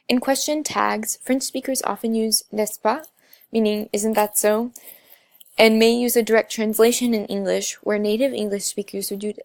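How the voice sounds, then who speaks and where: A woman's voice: medium pitch, vocal fry, darkish tone, no echo. A young woman narrating a class slide presentation, explaining step by step with frequent filler sounds. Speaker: student presenter.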